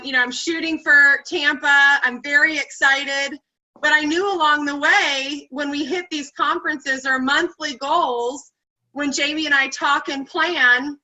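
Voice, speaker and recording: Bright high-voiced woman on a video call. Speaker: team member sharing her success. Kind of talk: motivational call talk. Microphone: computer mic on video call. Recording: muffled video call audio.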